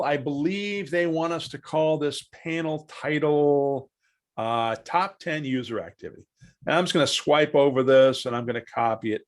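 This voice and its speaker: A man leading a live online software training, walking through each step aloud and quizzing the class with true-or-false questions. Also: on the high side. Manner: chatty, asks the class questions, walks through steps aloud.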